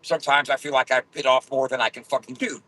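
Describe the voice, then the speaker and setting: A man ranting angrily with constant swearing and loud outbursts while driving in his car. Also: mid-range voice, steady tone, fast, poor audio. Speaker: vlogger. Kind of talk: profane ranting vlog.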